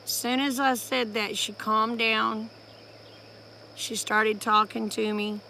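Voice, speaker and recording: A woman's voice: fairly high pitch, little pitch movement, takes it slowly, vocal fry, bright, forceful tone, slight background noise. A woman, casually telling a family story to her live-stream viewers and breaking off to greet them. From Oklahoma, USA.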